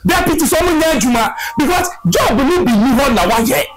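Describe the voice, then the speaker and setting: A fiery man with a Ghanaian accent speaks in a high, swooping voice that leaps between lows and highs. He fires off shouted rhetorical questions and drops into Twi phrases. A loud music bed plays right under his words. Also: animated, brisk, rough recording. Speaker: political commentator. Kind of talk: impassioned political speech.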